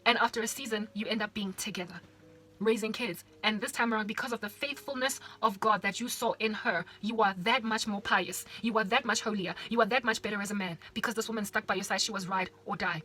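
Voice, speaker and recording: A woman's voice: mid-range voice, fast talker, bright, forceful tone, breathy edge, faint music behind. A woman from South Africa, a Christian vlogger, preaching casually and animatedly, putting rhetorical questions straight to the listener.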